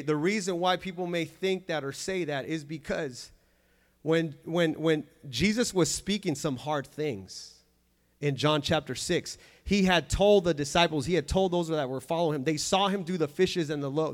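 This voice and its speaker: Earnest preacher man, slightly high voice. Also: moderate pace. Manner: earnest, emphatic preaching with frequent restarts. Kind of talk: sermon. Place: church.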